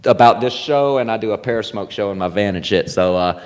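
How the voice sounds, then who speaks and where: Speaking briskly in a lowish voice, a podcast host tells stories in a casual, animated conversation, cursing freely. The setting is a comedy club, and the room gives the sound a long reverb.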